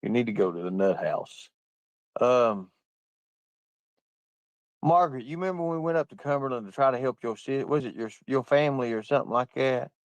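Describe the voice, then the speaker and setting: Mid-range and animated, this livestream host talks a little fast with long pauses, in a dry recording. He laughs his way through profane stories while casually chatting and reading comments aloud.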